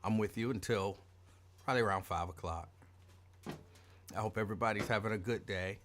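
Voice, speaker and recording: A man hosting an afternoon show, calling out listeners' names with excitement and dropping into low, quick asides. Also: noisy background. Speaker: radio show host. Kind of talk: casual call-out greetings to listeners.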